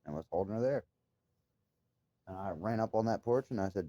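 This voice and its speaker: A man's voice: on the low side, brisk, mellow, dry recording, lo-fi sound. A man talking straight to his viewers in a casual monologue, telling an upsetting story in an agitated, emphatic way with frequent swearing. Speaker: vlogger.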